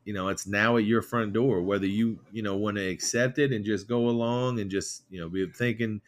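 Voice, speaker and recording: A man co-hosting a political podcast, rambling and animated as he retells stories with quoted voices. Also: on the low side, normal speed, hardly any pauses. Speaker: podcast co-host. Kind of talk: casual political chat.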